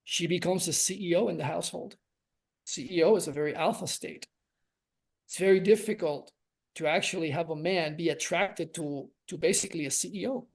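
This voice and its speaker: In reflective, conversational podcast talk, a relationship coach speaks earnestly and draws out key words for emphasis. His voice is on the high side and creaky, and he moves at a brisk pace.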